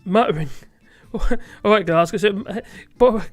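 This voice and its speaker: A livestream host chats casually in a lively voice that swings widely in pitch. The host rambles from thought to thought, laughs often and swears offhandedly. The delivery is loose and unscripted. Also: moderate pace. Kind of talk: casual live chat.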